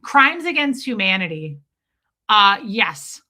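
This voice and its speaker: Bright, chatty woman streamer. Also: medium pitch, big pitch swings, takes it slowly. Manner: chatty storyteller who laughs and swears freely. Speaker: livestream host. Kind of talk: casual livestream chat with viewers.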